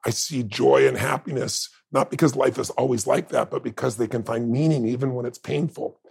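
A man with a heavily gravelly, rough-edged voice talks as a guest in a conversation. He tells stories with open emotion and firm emphasis, leaning hard into the moments that matter to him. His voice has a husky, breathy edge throughout. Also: mid-range voice, fairly quick, a little mellow. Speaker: interview guest. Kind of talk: heartfelt conversational storytelling.

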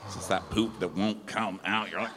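A man co-hosting a comedic recap show live on stage, campy and prone to mimicking people in high voices. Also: fairly even intonation, normal speed, noisy background. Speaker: podcast co-host. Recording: live hall reverb with faint ambience.

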